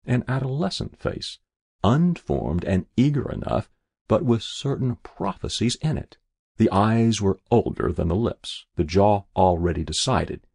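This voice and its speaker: Deep, gravelly man reading a story. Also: unhurried, dry recording, clean studio sound. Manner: expressive, characterful reading. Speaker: narrator. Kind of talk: storybook narration.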